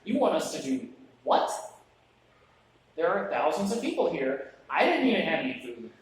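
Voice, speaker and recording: A man's voice: fairly high pitch, very animated, moderate pace, a little hiss or hum. A flustered male disciple, incredulous and exasperated at an impossible request, as a preacher acts him out. The voice echoes heavily around a church and is picked up from a distance.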